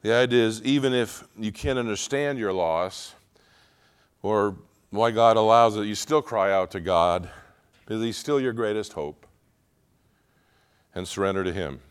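Casting: middle-aged male pastor, smooth resonant voice, heartfelt sermon delivery. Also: fairly low pitch, a little slow, pauses often. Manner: earnest, swings from quiet confiding to loud emotional pleading.

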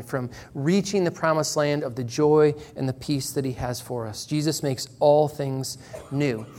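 Guy preaching in church, earnest, slows way down on the big lines. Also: fairly high pitch. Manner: earnest, measured preaching with slow emphatic pauses. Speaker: pastor. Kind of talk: sermon.

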